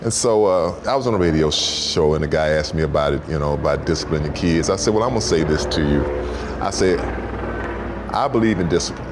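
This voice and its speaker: A man telling stories on a talk show, in an animated, repetitive way, jumping into high voices for quotes. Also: fairly quick, noisy background. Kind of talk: storytelling talk-show chat.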